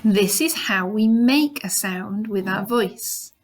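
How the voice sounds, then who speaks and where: Woman teacher for a kids' lesson, unhurried and patient, pitch in the middle. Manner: demonstrates sounds, bilingual repetition. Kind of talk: slow, clear lesson for young children.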